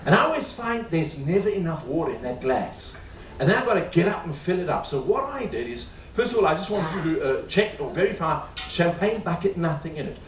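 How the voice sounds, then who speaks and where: A man's voice: a little high, very animated, a little fast, a little hiss or hum. A man performing as a comedy magician in a live stage show, chatting and teasing the audience with jokes between tricks. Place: cruise ship show lounge. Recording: roomy, distant live stage recording with faint audience ambience.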